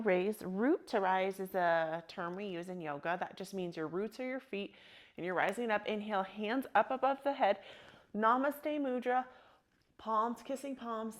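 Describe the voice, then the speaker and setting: A woman leading a yoga workout, calling out breath cues in a soothing, encouraging way. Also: medium pitch. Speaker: yoga instructor. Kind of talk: guided yoga class cues.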